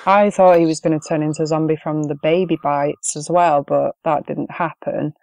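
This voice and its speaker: A woman's voice: low-pitched, fairly even intonation, normal speed, creaky, darkish tone, no room sound. A woman co-hosting a podcast, chatting about films in an easygoing way with frequent ums. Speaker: podcast co-host. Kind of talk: casual film review chat.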